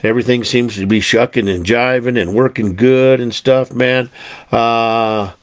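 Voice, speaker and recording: A man's voice: mid-range voice, steady tone, a little slow. A man hosting his own podcast in casual chat, rambling and folksy, with many fillers and restarts. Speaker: podcast host. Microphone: desktop podcast recorder mic.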